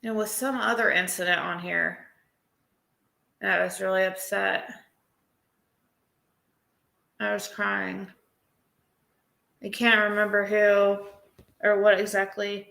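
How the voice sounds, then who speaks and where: A woman's voice: mid-range voice, flat delivery, takes it slowly, vocal fry, long pauses, sharp tone. A woman chatting casually on a live stream, rambling and emotional, often breaking into laughter. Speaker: livestreamer. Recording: roomy echo.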